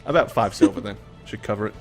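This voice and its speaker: A man narrating a tabletop game as game master, relaxed and pausing with fillers. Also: fairly low pitch, music in the background.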